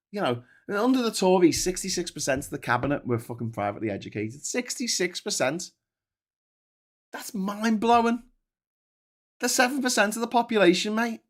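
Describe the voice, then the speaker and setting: Sweary British man ranting, high voice. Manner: sweary, heated, mocking. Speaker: host of a political commentary show. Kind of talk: casual ranting political commentary.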